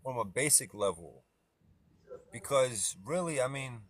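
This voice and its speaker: A man's voice: mid-range voice, lively intonation, measured pace. A man calling into a casual live stream debate, hesitant and informal, often repeating himself.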